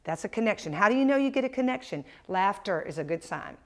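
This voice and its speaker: A woman's voice: medium pitch, expressive, fast. A woman teaching communication skills to camera, telling a story and acting out both sides of the conversations.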